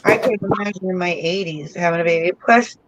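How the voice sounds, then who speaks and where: A man's voice: high voice, steady tone, a little fast, fairly bright tone, no room sound. A man chatting casually and joking easily over a remote call. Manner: easygoing, joking. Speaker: co-host on a call. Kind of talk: casual chat. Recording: dull, dry call audio.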